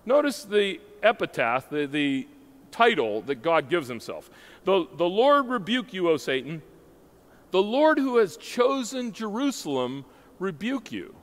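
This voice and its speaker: A man's voice: high-pitched, big pitch swings, measured pace. A man preaching a sermon, emphatic and asking his listeners questions as he teaches. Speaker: pastor. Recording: hall reverb.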